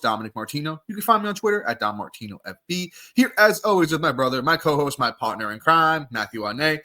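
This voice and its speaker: A man hosting a sports podcast, reading the intro and ads in an energetic, hyped-up way. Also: fairly high pitch. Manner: energetic, hyped, ad-read delivery. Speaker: podcast host. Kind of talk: upbeat podcast intro and chat.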